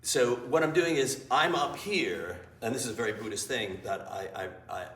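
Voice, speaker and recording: Man, improv teacher, blunt and swearing, animated storyteller, roomy echo, distant mic. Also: mid-range voice, normal speed. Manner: blunt and profane, freely swearing; animated storyteller who acts out scenes. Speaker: improv teacher and interview guest. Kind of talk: candid storytelling before a live audience. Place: small theater with a live audience. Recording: echoey room, voice from afar, faint ambience.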